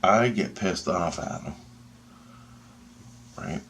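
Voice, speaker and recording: A man telling a personal story in a casual, excitable and profane way, with pauses and restarts. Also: low-pitched, slight background noise.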